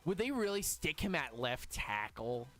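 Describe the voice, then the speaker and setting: A man hosts a casual live stream, reacting out loud and talking straight to his chat. His voice sits high for a man and jumps up and down in lively swings. Faint music plays underneath. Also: a little slow. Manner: excitable, talks to chat.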